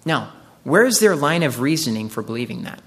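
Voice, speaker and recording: A man's voice: medium pitch, very animated, moderate pace, a bit bright. A man preaching a sermon in an earnest way, walking through a scripture passage and rising into emphatic quoted voices. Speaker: pastor.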